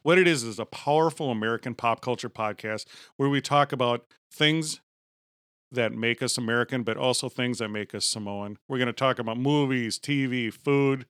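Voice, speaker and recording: A man co-hosting a comedy podcast, hamming it up like a pompous announcer. His voice sits at an ordinary middle pitch, and it is recorded bone-dry and close. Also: normal speed, fairly bright tone, smooth, no room sound. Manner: mock-grandiose announcer delivery, keeps saying "powerful". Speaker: podcast co-host.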